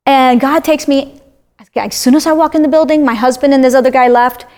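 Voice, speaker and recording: A woman's voice: high voice, fairly even intonation, brisk, darkish tone. A woman from Florida, a self-described talker, animatedly sharing a personal faith testimony in conversation.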